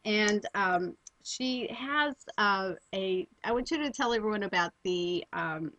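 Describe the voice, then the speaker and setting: A woman's voice: medium pitch, expressive, unhurried, fairly bright tone, dry recording, low-quality recording. Hesitant woman host, dry sound. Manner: friendly, hesitant, many ums and uhs. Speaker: radio show host. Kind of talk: interview conversation.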